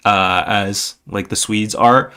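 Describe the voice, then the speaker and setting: A man's voice: on the low side, fairly even intonation, slow, bright, forceful tone, clean tone. A man in his thirties from South Korea, hosting a podcast in a loose, chatty way, full of fillers like "like" and "you know". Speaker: podcast host. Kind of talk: casual podcast chat.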